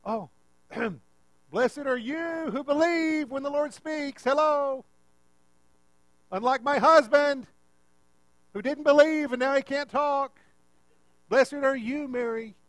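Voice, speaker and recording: A preacher playing an elated older pregnant woman who gushes loudly and pointedly. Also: high voice, sing-song, very slow, pauses often, breathy edge, dry recording, pitched above the performer's own voice, full character voice, poor audio. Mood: gloating. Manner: loud, gushing, pointed.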